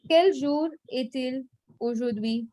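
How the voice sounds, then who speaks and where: A woman teaching French in a live online class, repeating words slowly and patiently, then explaining briskly. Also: high-pitched, warm tone, no room sound, poor audio.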